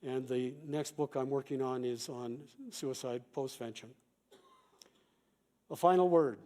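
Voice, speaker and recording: A middle-aged man, a pastor and chaplain, giving a calm, measured conference talk with quoted examples. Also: mid-range voice.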